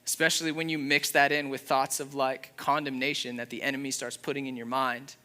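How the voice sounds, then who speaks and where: A young man preaching a sermon in an earnest, conversational way, with a father's warmth. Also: mid-range voice, flat delivery, a little fast. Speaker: pastor.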